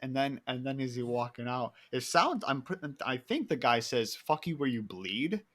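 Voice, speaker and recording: A man's voice: medium pitch, animated, unhurried, fairly bright tone. A young man in his twenties or so chats on a podcast with an everyday mid-range voice. He rambles through stories, breaks into laughter, and swears easily. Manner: rambling storyteller, laughs often, swears freely. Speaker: podcast co-host. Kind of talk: casual chat.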